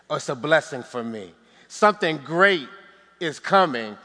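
Animated male pastor, high voice, long church-hall reverb. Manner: animated, humorous asides. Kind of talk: sermon.

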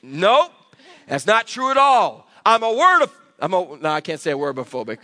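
A man's voice: high voice, big pitch swings, a little fast, sharp tone, dry recording. A male pastor preaching a sermon, using emphatic delivery and calling for amens from the congregation. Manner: emphatic preaching with call-and-response. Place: church sanctuary.

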